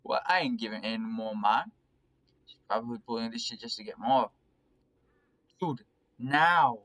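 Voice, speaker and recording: A man voicing a gruff young male dealer who talks bluntly and crudely, reading a game aloud. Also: medium pitch, normal speed, a bit bright, lightly acted, low-quality recording. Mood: impatient.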